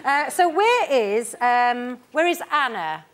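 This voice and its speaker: A woman's voice: high-pitched, big pitch swings, takes it slowly. A woman in her forties hosting a talk show, chatting and teasing her guest and studio audience.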